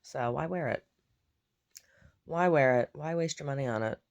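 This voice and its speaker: A woman's voice: low-pitched, normal speed, highs cut off. A woman who paints, chatting casually to camera in a rambling way, often repeating herself. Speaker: painter vlogging her day. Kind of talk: casual chat.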